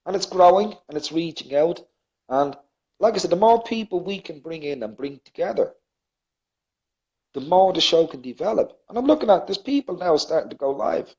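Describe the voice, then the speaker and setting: A man's voice: on the high side, lively intonation, moderate pace, darkish tone. A man co-hosting a poetry show, earnest and enthusiastic, repeating his points. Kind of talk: casual chat on a live show. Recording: dull lo-fi line.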